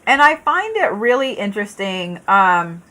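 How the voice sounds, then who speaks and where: A woman reads tarot live in a mid-range, sing-song voice that sounds pushed and bright, keeping a measured pace. Though tired and yawning, she stays chatty with viewers, blunt and profane, with frequent fillers and restarts.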